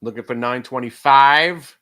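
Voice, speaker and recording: A middle-aged day trading stream host talks in a smooth, mid-range voice, a little slowly, offering brash, joking live commentary. His volume rises and falls as excitement takes hold.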